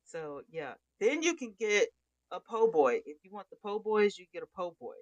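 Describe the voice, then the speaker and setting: A woman's voice: mid-range voice, big pitch swings, moderate pace, no echo, highs cut off. A middle-aged woman hosting a casual livestream, chatting and greeting viewers by name. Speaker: livestream host.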